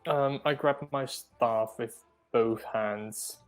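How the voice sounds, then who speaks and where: A tabletop game player speaks bluntly and casually at a middle pitch. Faint music plays in the background. The audio comes through a video call. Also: slow pace.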